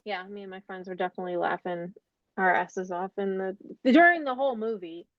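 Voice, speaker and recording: A woman's voice: medium pitch, fairly quick, no room sound, far from the mic. A woman guest on a podcast, chatting casually and laughing often, heard through a dull remote microphone. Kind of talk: casual chat.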